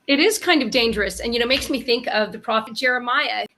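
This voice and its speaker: A woman co-hosting a faith talk show, speaking in an animated, emphatic way. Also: on the high side, fast talker, slight background noise. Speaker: co-host.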